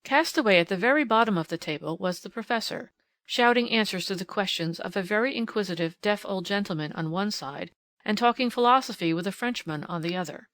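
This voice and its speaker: Female audiobook reader, classic novel, mid pitch, dead-dry booth sound. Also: a little fast, a bit bright, no echo. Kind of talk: reading a classic novel aloud.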